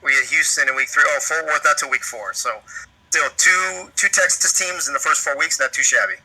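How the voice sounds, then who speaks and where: A man with a very bright, sharp, slightly high voice, co-hosting a live stream in an easygoing, chummy way. His sound has an old-fashioned, radio-like filtered tone. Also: brisk, poor audio. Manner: upbeat, calls viewers "bro", reads chat names. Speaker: co-host. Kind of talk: casual livestream chat.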